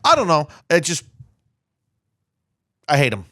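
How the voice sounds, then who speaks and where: A man's voice: a little high, wildly swooping pitch, a little slow, pushed and bright, dry recording, studio quality. Sarcastic, swearing man griping. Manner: sarcastic, profane, grumbling. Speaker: podcast co-host. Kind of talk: casual chat.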